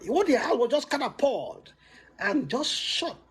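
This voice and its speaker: A man giving a motivational talk with emphatic swoops in pitch, frequent restarts and laughs between points. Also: very animated, measured pace, husky. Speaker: motivational speaker.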